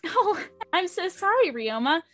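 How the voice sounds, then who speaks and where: A woman voicing a cheery, bubbly teenage schoolgirl who is dramatic and oblivious, reading her lines in a high, exclaiming voice. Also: big pitch swings, unhurried, fairly bright tone, faint music behind, exaggerated voice.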